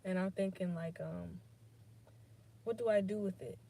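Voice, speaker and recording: Woman just rambling on her own podcast, swears a lot, jumps topic to topic, middle pitch. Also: measured pace, mellow. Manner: rambling, unfiltered, swears freely; drifts between topics, many fillers. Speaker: podcast host. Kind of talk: casual solo podcast monologue.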